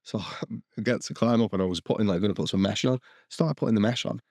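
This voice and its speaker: A man's voice: fairly low pitch, fast talker, creaky, darkish tone, no echo, clean studio sound. A man co-hosting a podcast, telling a rambling story full of restarts, with swearing and laughter. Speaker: podcast co-host. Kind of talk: casual chat.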